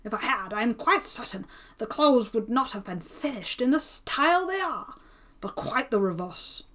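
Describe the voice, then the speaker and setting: A woman's voice: fairly high pitch, expressive, normal speed, fairly bright tone. A woman doing a pompous chatty tailor. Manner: chatty, self-important, exclaiming. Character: pompous gossiping male tailor.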